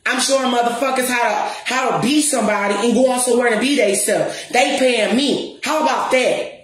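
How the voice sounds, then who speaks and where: A woman's voice: on the high side, fairly quick. A woman ranting straight to the camera as a spiritual counselor, profane and defiant, pressing her points again and again. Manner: profane, defiant, repeats and stresses her words. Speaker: spiritual counselor and music promoter. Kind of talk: confrontational rant to the camera. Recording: roomy echo.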